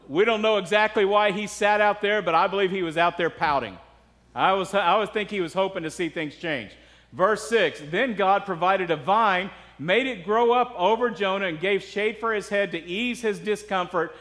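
A man's voice: high-pitched, moderate pace, fairly bright tone. A man preaching a sermon as pastor, talking conversationally and putting rhetorical questions to the congregation. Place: church sanctuary. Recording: long reverb of a church hall.

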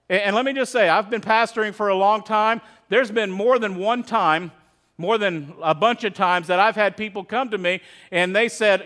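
A man's voice: high-pitched, brisk, bright, forceful tone. A middle-aged male pastor preaching a sermon in a conversational, storytelling way, acting out quotes as he goes.

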